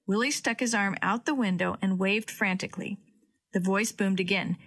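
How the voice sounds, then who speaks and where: Female storyteller, clear children's-story narration, middle pitch. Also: steady tone, moderate pace, a bit bright.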